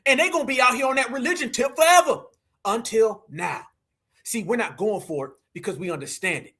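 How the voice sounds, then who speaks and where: High, bright-voiced slangy male commentator. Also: a little fast, slightly rough. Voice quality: mocking, slangy, emphatic. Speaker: political commentary host. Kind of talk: live political commentary.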